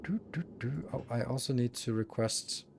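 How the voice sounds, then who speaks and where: A man's voice: medium pitch, moderate pace, noisy background. A man streaming a building game, thinking aloud and muttering as he plays. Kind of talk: casual live-stream commentary.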